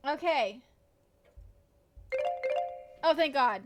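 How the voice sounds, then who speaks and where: A woman's voice: high voice, animated, very slow, faint music behind. A young woman streaming a game, chatting casually, giggling and swearing often. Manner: giggly, swears a lot, reads game text aloud. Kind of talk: casual gameplay commentary.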